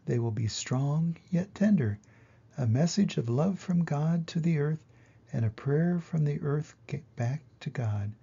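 An older man voicing an ancient, wise female turtle in a slow, solemn storybook reading. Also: fairly high pitch, animated, vocal fry, dark tone, slightly rough, highs cut off, full character voice.

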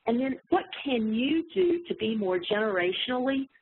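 A woman's voice: a little high, sing-song, normal speed, slight background noise. A woman from West Virginia with a slight Southern accent, presenting a webinar in a chatty, self-deprecating way over a video call. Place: home in a small town. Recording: tinny phone-like line.

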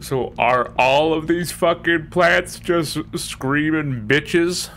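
A man's voice: fairly high pitch, slow pace, a bit bright, slight background noise. A man streaming a game live, swearing freely as he plays and reading the game's text aloud. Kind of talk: live gameplay commentary.

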